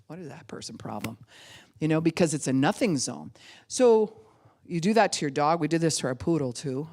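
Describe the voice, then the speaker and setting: A middle-aged woman, a pastor teaching in a sermon, telling stories and acting out little voices. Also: extremely low pitch. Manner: animated storytelling, acts out voices of babies and dogs.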